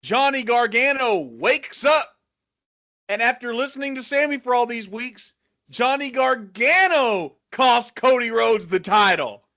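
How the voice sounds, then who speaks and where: A man's voice: extremely high pitch, animated, unhurried, bright, forceful tone. A man co-hosting a casual podcast who gives emphatic, opinionated takes and speculates freely. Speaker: podcast co-host.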